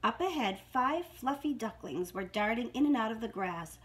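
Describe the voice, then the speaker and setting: A woman's voice: a little high, expressive, normal speed. A woman reading a storybook aloud to young children in a sing-song manner.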